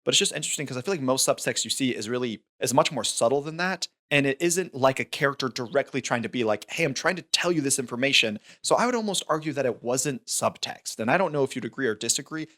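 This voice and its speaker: Brief: male podcast co-host, casual, thinks aloud, mid-pitched voice. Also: animated, fast talker, few pauses, a bit bright. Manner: thoughtful, rambling with restarts. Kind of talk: casual film discussion.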